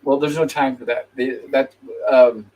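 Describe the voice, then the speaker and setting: A man's voice: medium pitch, steady tone, a little slow, darkish tone, low-quality recording. A man hosting a live-stream movie review panel, talking casually and retelling the plot by quoting the characters' lines. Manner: conversational, with restarts. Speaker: host.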